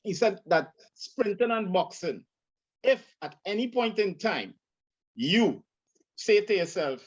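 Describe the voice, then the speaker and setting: A man with a Trinidadian accent co-hosting an interview, recalling a story in a relaxed, hesitant way. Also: slow pace. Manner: relaxed anecdotal recollection with hesitations. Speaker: co-host. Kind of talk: casual interview talk. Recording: dull low-fidelity sound.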